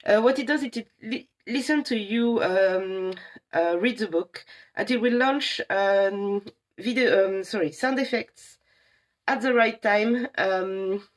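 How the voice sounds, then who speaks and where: A young adult woman on a library's staff gives a casual live demo of apps. She's chatty and enthusiastic, pausing often, with a medium-pitched voice.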